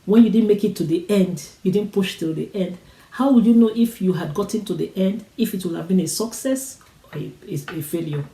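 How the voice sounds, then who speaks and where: A woman's voice: mid-range voice, a little fast, dark tone, roomy sound, rough recording. A woman giving a motivational talk, urging listeners on with repeated, preacher-like phrases. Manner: repetitive, urging, preacher-like cadence. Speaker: motivational speaker.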